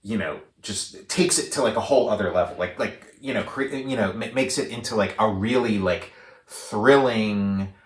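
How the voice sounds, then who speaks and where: A man's voice: fairly low pitch, normal speed. A man co-hosting a podcast, chatting casually about a film with lots of fillers and restarts. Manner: rambling, many fillers, animated acted-out quotes. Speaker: podcast co-host. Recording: roomy echo.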